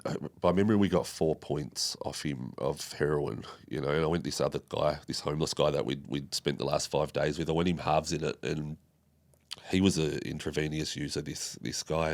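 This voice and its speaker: A young Australian man from Tasmania, a podcast guest recounting a personal story in a halting way, with many fillers and restarts. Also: extremely low pitch, creaky.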